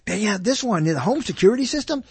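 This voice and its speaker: Husky, grumbling man muttering at his computer. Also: sits high, big pitch swings, fast, a little mellow. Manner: grumbling, sarcastic asides, muttering to himself. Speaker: vlogger. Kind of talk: casual rambling commentary while checking email and mail. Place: at home at a computer.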